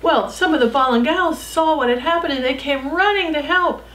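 Expressive woman telling a children's story. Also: sits high, normal speed, echoey room, rough recording. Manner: expressive, dramatic shifts from shouts to whispers. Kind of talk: storytelling narration.

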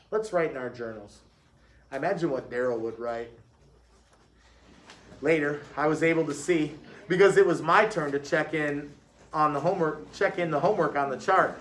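A man reading a children's book aloud, animated, giving each classroom character a voice. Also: a little high, roomy sound. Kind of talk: read-aloud storytelling.

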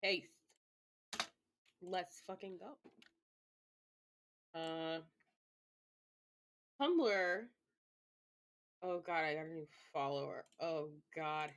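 A woman's voice: low-pitched, slow pace, long pauses, fairly bright tone, slight background noise. A woman live streamer chatting casually to herself, rambling with lots of fillers and swearing. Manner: rambling self-talk with frequent swearing and fillers.

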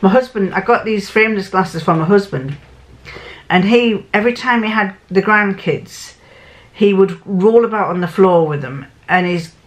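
A woman's voice: medium pitch, moderate pace. An older woman, chatting casually to camera as a sewing vlogger. She rambles and often restarts or corrects herself mid-sentence.

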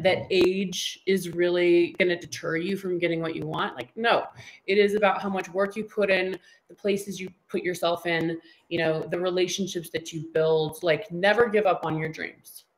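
A woman's voice: fairly low pitch, moderate pace, low-quality recording. A woman in her thirties, a guest in a casual interview, telling stories with energy and acting out what people said. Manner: animated storyteller who acts out quoted dialogue.

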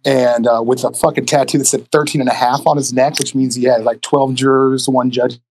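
A man telling stories casually on a podcast as a guest, animated and profane, acting out the people in his stories. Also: mid-range voice, fairly quick, a little hiss or hum. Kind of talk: casual storytelling.

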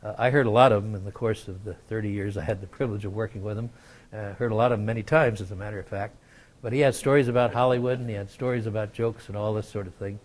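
An older man giving a lecture, telling an anecdote in a measured way with frequent pauses and fillers. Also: fairly low pitch, fairly even intonation. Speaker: guest lecturer.

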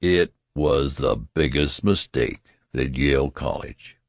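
Very deep-voiced, gravelly male narrator. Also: animated, a little slow, dry recording, studio quality. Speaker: audiobook narrator. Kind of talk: scripted narration.

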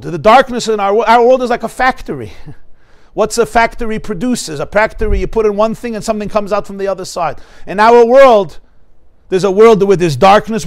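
Rabbi, male, high pitch, animated storyteller who voices the people in his anecdotes and poses rhetorical questions to his class. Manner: animated storytelling, acts out dialogue; explains Hebrew terms with rhetorical questions. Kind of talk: Torah class lecture. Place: study hall in front of a live class.

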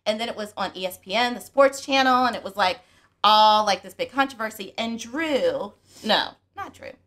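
A middle-aged woman hosting a family book channel, chatting and retelling a story in an animated way. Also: mid-range voice, normal speed. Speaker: book channel host and mother. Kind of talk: casual family chat.

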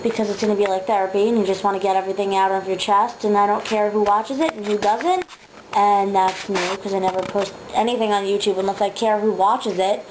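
A woman's voice: medium pitch, steady tone, brisk, background noise. A nineteen-year-old woman rambling through a casual video diary at home, swearing freely and wandering off on tangents. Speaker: vlogger. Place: home, indoors.

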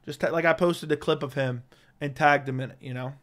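This man's voice sits on the high side, brisk and steady with a fairly bright tone. He's an MMA commentary streamer in casual livestream chat, speaking bluntly, though his voice sounds worn and strained from overuse.

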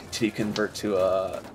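A man streaming a strategy game, talking excitedly to himself and his chat, urging his troops on in frantic bursts. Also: fairly low pitch, noisy background. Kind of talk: live strategy game commentary.

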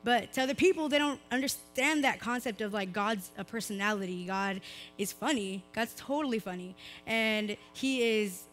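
A young woman, slightly hoarse, gives a chatty, informal youth sermon full of "like" fillers. Her voice sits a little high. Soft instrumental music plays faintly behind her. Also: moderate pace. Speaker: preacher. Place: church service, recorded live.

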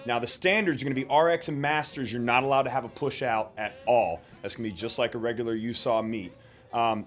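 A man coach explaining workout standards for a fitness competition in a steady, instructional way. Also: mid-range voice.

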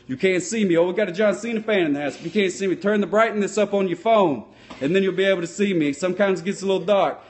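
A man's voice: high-pitched, quick pace. Man as a rambling sock puppet cop. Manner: rambling, folksy, deadpan, mangles words. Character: dim, cheerful male sock puppet cop. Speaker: sock puppet comedian answering live chat. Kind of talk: improvised puppet comedy livestream.

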